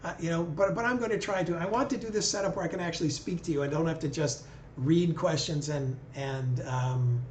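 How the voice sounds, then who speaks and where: A man's voice: a little high, a little fast, a little mellow, slight background noise. A man hosting a live video call with callers, talking in an easygoing, conversational way. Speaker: livestream host. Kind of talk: casual live chat with callers. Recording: echoey room.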